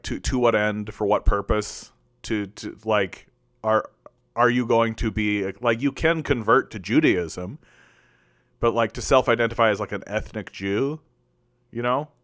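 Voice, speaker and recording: A man's voice: fairly low pitch, fairly bright tone, no echo, studio quality. A man hosting a political commentary stream, talking casually and answering chat, rambling with lots of restarts and fillers. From Canada.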